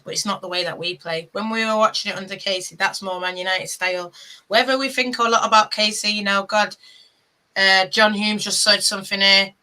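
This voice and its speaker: A woman's voice: medium pitch, steady tone, fairly quick, sharp tone, rough recording. A woman co-hosting a fan podcast, talking in a passionate, rambling, exasperated way. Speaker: podcast co-host. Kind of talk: casual chat.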